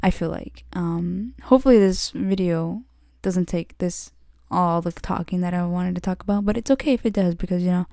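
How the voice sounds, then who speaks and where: A young woman rambles through a story on her own podcast, leaning on "like" and starting sentences over. Her voice is mellow and soft-edged, and the recording is dry with no room sound. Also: fairly low pitch, moderate pace, vocal fry, no room sound. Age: young adult. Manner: rambling, full of "like" and "legit", many restarts. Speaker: podcast host. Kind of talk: casual storytelling monologue.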